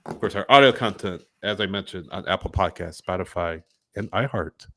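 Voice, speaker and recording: A man's voice: sits low, fairly quick, sharp tone, a little hiss or hum. A man hosting a casual sports podcast, wrapping up with schedule details and plugs for the show. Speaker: podcast host.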